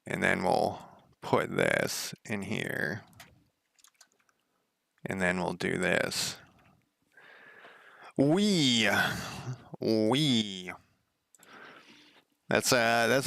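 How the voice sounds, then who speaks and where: Slow, gravelly-voiced man thinking aloud. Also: fairly low pitch, pushed and bright, dry recording, studio quality. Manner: muttering to himself, casual swearing, wry asides. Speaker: game developer streaming. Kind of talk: thinking aloud while coding.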